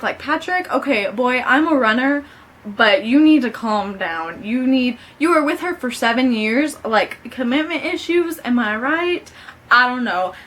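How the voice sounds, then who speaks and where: A woman's voice: on the high side, a bit bright. A young woman chatting casually about a book she loved, gushing and saying "like" a lot. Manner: gushing, says "like" often. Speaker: book vlogger. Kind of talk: casual book review chat.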